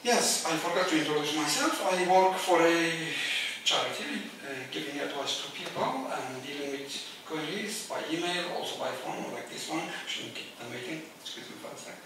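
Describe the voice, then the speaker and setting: A man's voice: a little high, lively intonation, moderate pace, few pauses. A middle-aged man from Turkey with a Turkish accent, telling wry anecdotes with many hesitations in a live storytelling performance. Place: small theatre stage with live audience. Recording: echoey theatre, distant, noisy.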